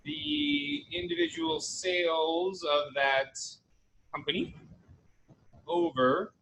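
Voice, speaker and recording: A man's voice: a little high, animated, slow pace, vocal fry, fairly bright tone, a little hiss or hum, poor audio. A young man giving a casual online college economics lecture, chatty and jokey, often checking in with "right?".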